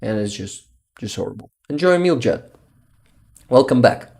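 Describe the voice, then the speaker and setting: A man's voice: medium pitch, animated, normal speed, creaky, a little mellow. A young man from Ukraine with a Ukrainian accent, hosting a casual livestream, reading viewer messages aloud and often laughing or hunting for English words. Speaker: livestream host. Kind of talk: casual live-stream chat reading messages.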